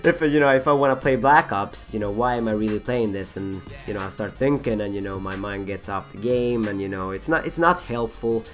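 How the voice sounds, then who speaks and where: A young man with a husky voice rambling through casual gameplay commentary, full of fillers, restarts and self-mocking asides. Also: fairly low pitch, fairly quick, hardly any pauses, a bit bright, faint music behind. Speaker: gaming channel host.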